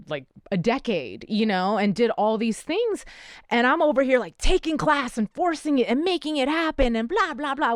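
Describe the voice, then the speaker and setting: A woman's voice: mid-range voice, dry recording, studio quality. A woman hosting a podcast, telling a personal story in a candid, rambling casual chat. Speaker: podcast host.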